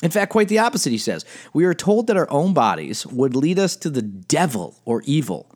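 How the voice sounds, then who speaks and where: A middle-aged man, a spiritual director and life coach, giving a blunt, animated teaching talk and reading quotes aloud. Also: on the high side, brisk. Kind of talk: podcast-style teaching monologue.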